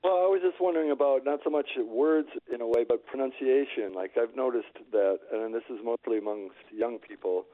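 A man calling in to a radio show, asking his question quickly and with curiosity. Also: medium pitch, no echo. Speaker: caller. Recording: phone line.

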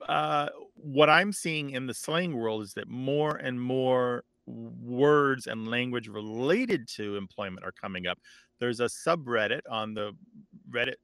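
A man explaining word origins as a guest expert, thoughtful and steady. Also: mid-range voice, unhurried, clean tone, no room sound. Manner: thoughtful, with fillers and restarts. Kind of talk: conversational explaining.

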